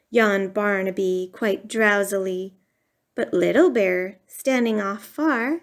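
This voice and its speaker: A woman's voice: mid-range voice, slow. A woman reading a rhyming bedtime storybook aloud in a sing-song way.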